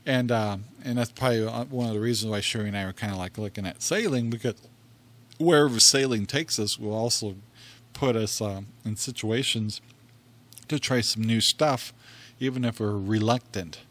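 A man's voice: fairly low pitch, normal speed, fairly bright tone. A middle-aged man co-hosting a casual podcast, telling stories in a rambling, chatty way with frequent laughs and restarted sentences into a desk microphone. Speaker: podcast co-host.

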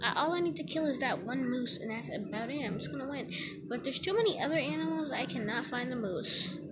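A girl giving casual, excitable commentary while playing a video game, chatting to her viewers. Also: high voice, fairly quick, very noisy. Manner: excitable, chatty, slips into put-on voices. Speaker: gaming video creator. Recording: game music underneath.

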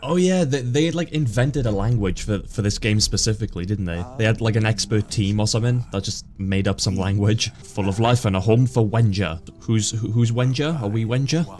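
A man casually commentating his own gameplay, joking around and swearing often in excited reactions. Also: on the low side, fairly quick, hardly any pauses. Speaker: gaming YouTuber. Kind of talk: casual let's play commentary.

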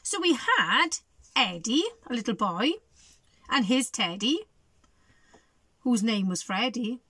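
A woman, a teacher reading a storybook to children, animated and chatty, stopping to ask questions. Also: fairly high pitch, takes it slowly, breathy edge, no echo.

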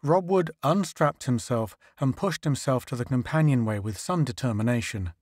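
A man narrating a science fiction story in a steady, even storytelling manner. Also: medium pitch, normal speed, few pauses, no room sound, studio quality. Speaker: audiobook narrator. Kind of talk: scripted narration.

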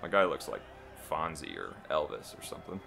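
A man's voice: rumbling low, big pitch swings, brisk, creaky, music in the background. A man co-hosting a casual gaming commentary, laid-back, making dry remarks. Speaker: gameplay co-host.

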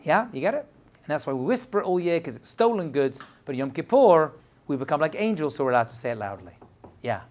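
Lively rabbi teaching a class. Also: male voice, a little high, fast talker. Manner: lively, rhetorical questions, checks understanding. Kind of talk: classroom Torah lesson with questions.

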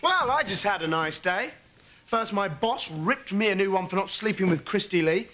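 A wry charming scoundrel. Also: male voice, high voice, lively intonation, moderate pace, fairly bright tone, slight background noise. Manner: wry, playful. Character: charming self-mocking male scoundrel.

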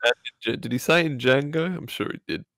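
A young man chats in a laid-back way on a podcast. He throws in short, sweary reactions, and his voice has a gravelly fry. The sound is dry and close. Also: mid-range voice, fast, a bit bright, no room sound. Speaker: podcast co-host. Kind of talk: casual chat.

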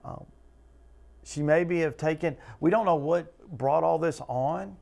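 A man's voice: fairly high pitch, slow, gravelly, a little mellow. A man teaching a Bible study as pastor, earnest and conversational, asking his listeners question after question. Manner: earnest, talks to listeners with repeated questions, acts out quotes.

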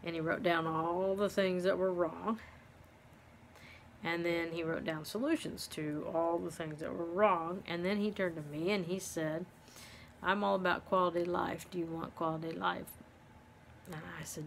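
A middle-aged woman telling a personal story, pausing often with ums and restarts. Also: fairly low pitch, steady tone, vocal fry, a little hiss or hum. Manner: halting, many ums and restarts. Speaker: vlogger living with dementia.

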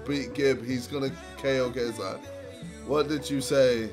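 A young man rating videos in casual reaction commentary, loud and profane, with frequent laughter. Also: medium pitch, normal speed. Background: music from played clips.

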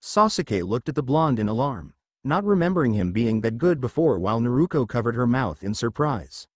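Animated male fanfiction narrator. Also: mid-range voice, moderate pace, dry recording. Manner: steady storytelling read from text.

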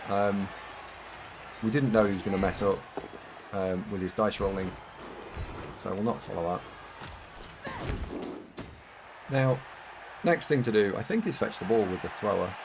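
Yorkshire male streamer, lowish voice, relaxed running commentary on his own moves, faint noise behind. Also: unhurried, long pauses. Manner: chatty, thinks aloud, reads out chat. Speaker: game streamer. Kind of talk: casual live gameplay commentary.

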